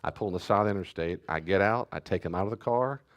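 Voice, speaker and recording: A man pastor giving a teaching talk and answering questions, telling family stories in an animated way. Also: deep voice, fast, muffled recording. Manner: animated storyteller, acts out family scenes.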